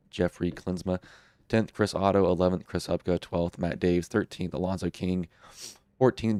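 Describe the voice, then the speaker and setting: A man's voice: deep voice, darkish tone, no room sound. A young man hosting a racing stream while sick, his voice nasal and congested, talking in a casual, rambling way. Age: young adult. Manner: casual, rambling wrap-up talk. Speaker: broadcast host. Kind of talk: casual live-stream commentary.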